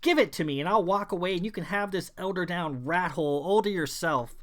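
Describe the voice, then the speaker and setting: A man's voice: high-pitched, a little fast, fairly bright tone, pitched above the performer's own voice. Angry nobleman lord read by a man, demanding, voice raised in a roar. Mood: threatening. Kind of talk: audiobook character voice.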